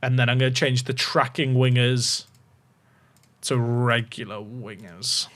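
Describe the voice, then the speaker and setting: A man's voice: medium pitch, monotone, a little slow, fairly bright tone. A man, chatting to his viewers while streaming a game, swinging between casual chat and mock panic. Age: 30s. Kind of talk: live-stream gaming chat.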